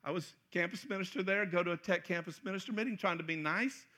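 A middle-aged man preaching a sermon, joking and acting out scenes, sometimes breaking into loud shouts. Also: high-pitched, quick pace. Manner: animated, joking, acts out voices with loud shouts. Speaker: pastor.

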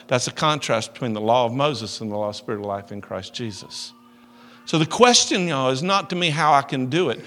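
A man preaching in a folksy, animated way. He tells personal stories and acts out both sides of a conversation. His voice carries a long echo, as if from a big hall. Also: medium pitch, brisk. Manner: animated, folksy storyteller who acts out dialogue and laughs at himself. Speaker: pastor.

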